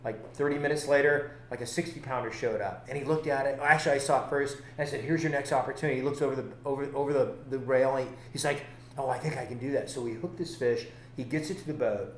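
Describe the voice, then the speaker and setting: A male fishing captain tells a story in a casual podcast chat, acting out both sides with lively energy. His voice sits at a middle pitch. It rings out in a roomy space with a faint hiss behind it. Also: fast talker, hardly any pauses. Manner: animated, acts out both sides of his stories. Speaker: fishing guide and boat captain.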